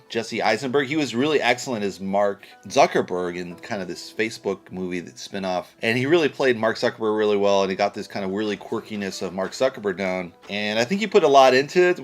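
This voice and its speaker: A man's voice: fairly low pitch, fairly bright tone. A man giving a casual spoken film review, blunt and rambling, with casual swearing. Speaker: movie reviewer.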